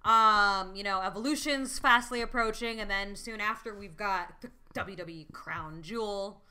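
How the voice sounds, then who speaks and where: A woman co-hosting a casual wrestling chat, excitable and freely swearing. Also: mid-range voice, moderate pace, smooth. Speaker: podcast co-host.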